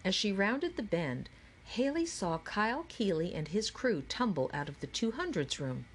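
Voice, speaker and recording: A woman narrating an audiobook with clear, steady storytelling. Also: mid-range voice, moderate pace, slight background noise. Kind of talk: scripted narration.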